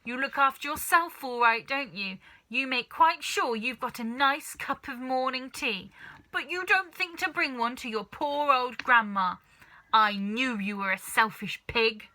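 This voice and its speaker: A woman doing a shrill, shouting old grandma. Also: a little slow. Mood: accusing. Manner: shouting, accusing. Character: enormous bad-tempered old grandmother.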